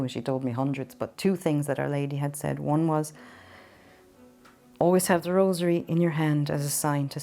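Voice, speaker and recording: A woman from Ireland giving an earnest, halting personal testimony in an interview, sometimes emotional. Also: deep voice, dark tone. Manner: earnest, halting storytelling with restarts. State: emotional at times. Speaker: interview guest.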